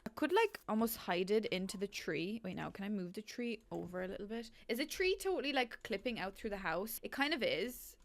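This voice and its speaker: A young woman giving casual commentary while building in a life-sim game, excitable and self-mocking, laughing often. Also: medium pitch, no room sound.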